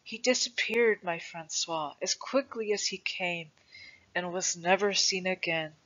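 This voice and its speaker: A reader doing a slow, gentle old grandfather. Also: mid-range voice. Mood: wondering. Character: old grandfather telling a legend to his grandson. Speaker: storyteller. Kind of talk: storybook reading. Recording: dull lo-fi recording.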